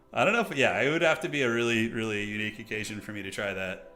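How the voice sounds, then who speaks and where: Guy streaming, bright forceful tone, chatty and joking with chat. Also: fairly low pitch, brisk, pauses often, soft background music. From United States. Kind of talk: casual live-stream game commentary.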